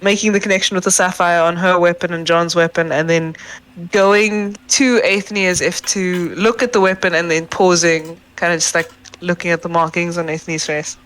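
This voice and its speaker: A woman playing a tabletop game, bubbly and quick to gasp and laugh as she narrates her character's actions. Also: fairly low pitch, steady tone, a bit bright, rough recording. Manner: bubbly, gasps and laughs often. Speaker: player.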